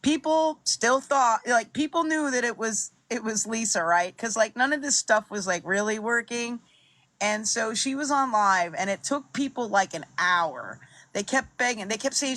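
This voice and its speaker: A woman's voice: fairly high pitch, moderate pace, fairly bright tone, no echo. A woman talks through a video in loose, amused commentary, often repeating herself. The sound is dry and close. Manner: chatty, amused, repetitive. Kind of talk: casual commentary.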